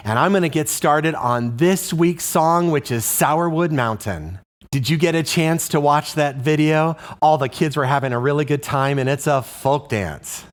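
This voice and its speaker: A man teaching a music lesson to camera, chanting rhythm syllables and singing short song phrases with enthusiasm. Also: a little high.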